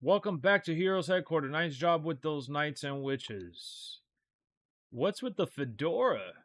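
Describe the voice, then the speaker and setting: A man's voice: fairly high pitch, lively intonation, a little slow, a bit bright, dry recording. A man reading out a game's dialogue as a tough, hard-boiled male hero, in clipped lines. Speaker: streamer reading game dialogue aloud. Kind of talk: reading game text aloud in character.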